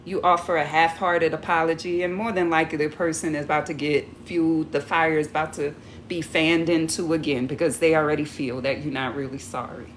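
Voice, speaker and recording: Woman coach chatting about relationships, lowish voice, sassy and animated, faint hum behind. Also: brisk. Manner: animated, acts out quoted arguments. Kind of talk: casual talk to camera.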